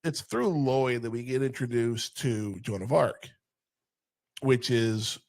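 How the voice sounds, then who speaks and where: A man's voice: medium pitch, slow pace, gravelly, a little mellow. A man from South Texas hosting a casual, profane movie review chat over an online call. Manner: profane, storytelling. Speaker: podcast host.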